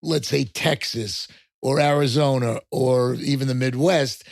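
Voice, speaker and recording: An older man from Long Island with a New York accent, chatting on a podcast in a rambling, halting way. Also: medium pitch, steady tone, gravelly, no room sound, studio quality. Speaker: podcast guest, host's father. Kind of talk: casual podcast chat.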